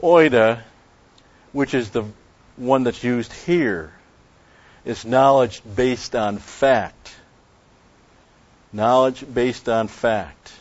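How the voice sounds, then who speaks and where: A male preacher gives an expository Bible lesson in a mid-pitched voice. He is emphatic, repeats key phrases and draws out Greek terms slowly. The recording sounds dull and lo-fi. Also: fairly even intonation.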